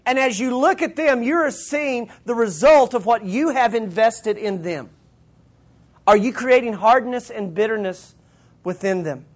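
A man's voice: extremely high pitch, lively intonation, a little slow. A man preaching a sermon, retelling scripture in casual everyday slang. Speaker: pastor.

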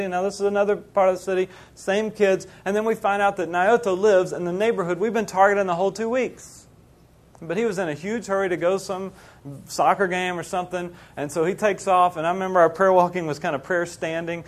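A middle-aged man preaching, telling a mission story in an animated way and acting out the people he quotes. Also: sits high. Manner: animated, acts out quoted voices. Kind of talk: sermon storytelling.

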